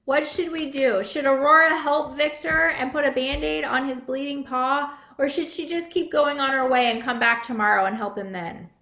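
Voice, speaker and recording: Woman pastor, high voice, friendly, questions kids; children's message in an echoey room. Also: steady tone, moderate pace, hardly any pauses, bright, forceful tone.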